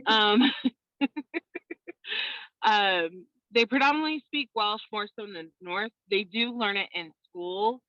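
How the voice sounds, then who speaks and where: A woman guest chatting casually on a video call, an animated storyteller who laughs often. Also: medium pitch, slow pace, long pauses, no room sound, lo-fi sound. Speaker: interview guest.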